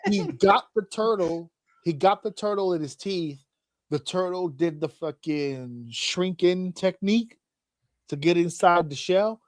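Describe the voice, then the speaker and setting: A man's voice: high voice, measured pace, no echo, clean studio sound. A man hosting a podcast, telling funny stories in casual chat and acting out voices, laughing often. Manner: animated storyteller, acts out voices, laughs often. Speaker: podcast host.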